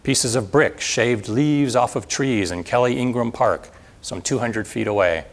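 A man reading a historical account in a measured, dramatic way, then addressing an audience. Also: medium pitch. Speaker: speaker reading historical narration.

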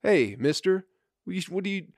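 A man's voice: high voice, expressive, normal speed, no echo, studio quality, pitched above the performer's own voice. A man voicing a meek male bystander who pleads weakly and whiny. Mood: pleading.

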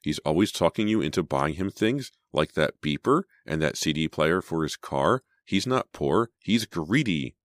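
An accusing teenage girl with a hard, insistent edge, put on by a man with a very deep voice. Her lines come in a raised, pressing pitch in a dry storybook reading. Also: lively intonation, normal speed, hardly any pauses, dry recording.

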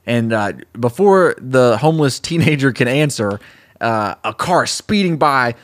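A man's voice: medium pitch, unhurried. A young man co-hosting a podcast, telling a made-up story with playful quotes and frequent laughter. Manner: animated storyteller, laughing at his own jokes. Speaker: podcast co-host. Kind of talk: casual chat, pitching a story.

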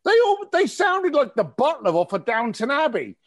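A man from East tells stories bluntly and cheekily, swearing freely. His voice sits high, and his pitch leaps around with animated energy. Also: normal speed. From East London. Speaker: interview guest. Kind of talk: casual storytelling interview.

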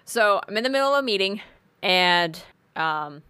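A young woman telling a work story in casual chat, animated and swearing freely, acting out what she said. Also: mid-range voice, normal speed, clean tone, no room sound.

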